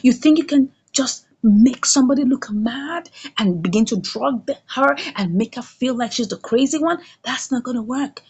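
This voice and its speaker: Woman playing a commanding vengeful woman, high and lively. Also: moderate pace, few pauses, slightly rough, dull audio, heavily acted. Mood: threatening. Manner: threatening, commanding. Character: vengeful woman seeking justice, cold and threatening.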